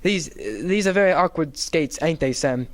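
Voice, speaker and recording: A man voicing a timid, flustered gentleman in a dramatic reading, with a quavering, pleading manner that jumps high in alarm. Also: lively intonation, normal speed, natural voice. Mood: nervous.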